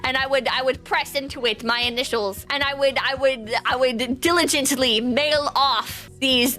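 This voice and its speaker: A woman's voice: sits high, sharp tone. A woman streamer in casual livestream commentary, rambling and joking with plenty of swearing. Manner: profane, rambling, jokey.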